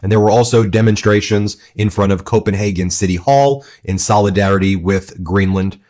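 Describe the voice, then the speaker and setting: A man's voice: fairly low pitch, normal speed, darkish tone. A man giving political news commentary in an emphatic, indignant way.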